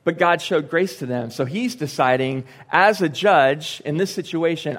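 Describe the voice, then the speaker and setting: A man's voice: fairly high pitch, unhurried, a bit bright. A young man preaching a sermon in a church, speaking in a conversational way with joking asides and quoted lines acted out. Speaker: pastor. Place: church sanctuary.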